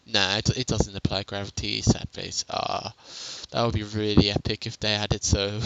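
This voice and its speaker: A man with a quiet voice talking through a casual game tutorial on a headset mic, chatty and self-mocking, laughing often. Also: on the low side, monotone, moderate pace, clean tone, highs cut off. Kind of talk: casual gameplay tutorial commentary.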